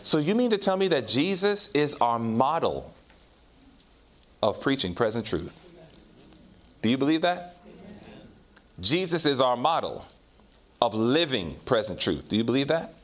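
Male preacher, sermon delivery, lively pitch, rises for emphasis and drops low for stories. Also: unhurried, pauses often. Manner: preaches in rising and falling swells, drops low and quiet for personal stories.

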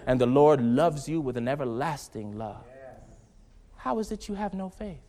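A man preaching a sermon, swinging from hushed, low lines to loud, fervent exhortation. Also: expressive, moderate pace.

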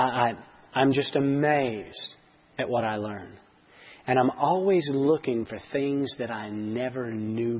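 A man teaching a church Bible lesson in an earnest way, often rising to excited emphasis, heard on a dull lo-fi sermon recording. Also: mid-range voice, husky.

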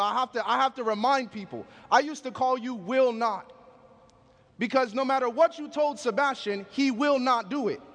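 High-voiced male preacher in a hall. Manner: storytelling, emphatic, call-and-response. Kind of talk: sermon.

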